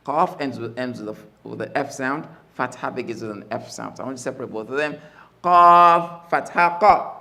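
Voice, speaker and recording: A man teaching Arabic letters in a mosque class, slowly drilling each sound and repeating the spelling emphatically. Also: medium pitch, creaky, a bit bright. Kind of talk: classroom lesson.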